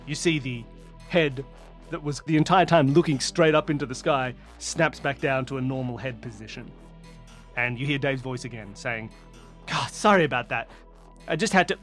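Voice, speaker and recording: A man narrating a mystery game as game master, describing scenes in a lively, playful way. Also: mid-range voice.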